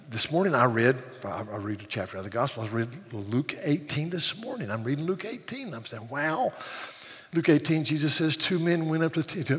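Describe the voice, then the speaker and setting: An older man preaching a sermon, earnest, often repeating words as he builds emphasis. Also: a little high. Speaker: pastor. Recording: long hall reverb.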